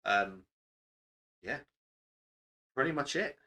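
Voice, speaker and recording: A man's voice: medium pitch, animated, takes it slowly, bright, forceful tone. A young man, a game master, chatting casually and rambling about his campaign with casual swearing. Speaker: game master answering questions. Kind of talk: casual podcast Q&A chat.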